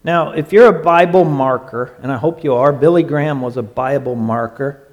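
A man preaching a sermon in an emphatic way, stretching out his phrases and sometimes dropping to a hush. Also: medium pitch, normal speed. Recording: long hall reverb.

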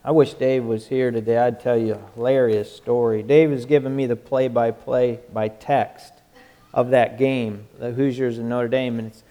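A man's voice: medium pitch, fairly even intonation, normal speed, mellow. A male pastor giving a folksy, conversational sermon, joking and often restarting his sentences.

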